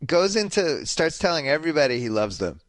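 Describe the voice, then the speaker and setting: A man's voice: fairly high pitch, very animated, fairly quick, slight background noise. A man hosting a casual podcast, joking and prompting his guest with questions. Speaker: podcast host.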